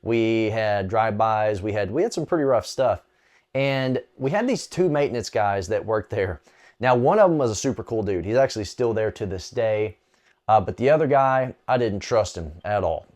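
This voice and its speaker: A man telling a personal faith story in a relaxed, conversational way, with frequent small fillers. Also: lowish voice, moderate pace. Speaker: storyteller sharing a faith testimony. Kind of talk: casual spoken testimony.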